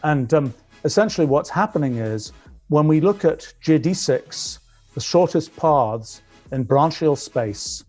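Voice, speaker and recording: A man's voice: on the high side, expressive, measured pace, warm tone, faint music behind. A man with a British accent giving a technical physics lecture, thinking aloud with frequent restarts as he explains.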